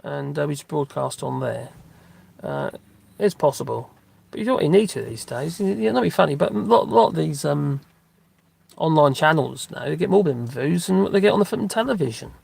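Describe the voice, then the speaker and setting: A man's voice: fairly high pitch, animated, brisk, gravelly, darkish tone, husky, dry recording. A middle-aged man, chatting in a rambling, casual way during a live stream while out walking his dogs, with lots of fillers and restarts. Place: outdoors on a dog walk.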